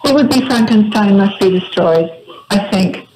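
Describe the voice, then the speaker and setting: A woman's voice: medium pitch, animated, moderate pace, warm tone, a little hiss or hum, low-quality recording. An older British woman from England, a radio guest who talks graciously and laughs often. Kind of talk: phone interview on a radio show.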